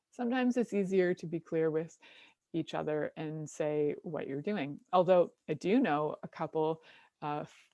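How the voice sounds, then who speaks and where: Lively, laughing woman host with a dry sound. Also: deep voice, no room sound. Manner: lively, laughs often, acts out voices in stories. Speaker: show host. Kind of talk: casual talk-show monologue.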